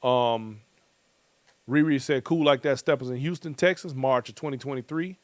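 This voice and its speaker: A man's voice: mid-range voice, moderate pace, no echo. Chatty laid-back male host. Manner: loose, joking, colloquial, chuckles often. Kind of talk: casual chat reading viewer comments.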